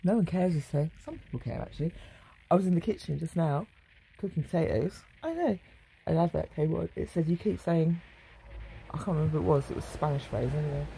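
At home indoors, a middle-aged woman rambles through a meandering monologue, interrupting herself and breaking into sudden swearing. Her low voice is creaky and warm with a breathy edge, and the audio is poor.

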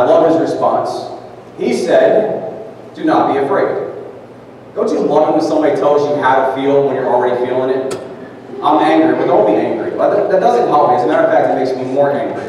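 A man preaching a conversational sermon, reading scripture slowly. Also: mid-range voice, darkish tone, a little hiss or hum. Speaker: pastor. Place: large church sanctuary. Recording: echoey church hall from far off.

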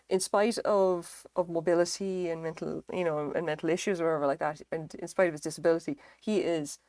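A woman's voice: deep voice, darkish tone, dry recording. A woman chatting casually on a live stream, rambling and self-deprecating, swearing freely as she talks. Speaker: livestreamer. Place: home craft stream setup.

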